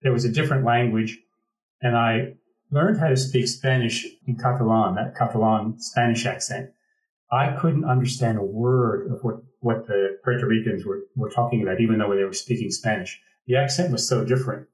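A man's voice: mid-range voice, normal speed, echoey room, recorded from a distance, low-quality recording. An American man from the Pacific Northwest telling a reflective personal story, restarting phrases as he goes. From Pacific Northwest, United States. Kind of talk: conversational storytelling.

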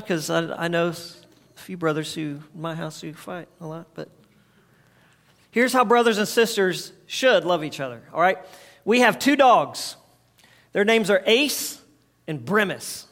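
A man with a high voice gives a relaxed, conversational sermon. He speaks like a pastor talking with his congregation and has them repeat short phrases back to him. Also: measured pace. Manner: conversational preaching, leads the audience in call-and-response.

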